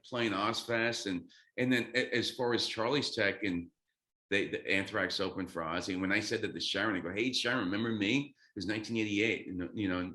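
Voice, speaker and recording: A man in his fifties, a guest drummer, telling a story excitedly, swearing freely and acting out quotes. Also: on the low side, roomy sound. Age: 50s. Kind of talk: animated storytelling.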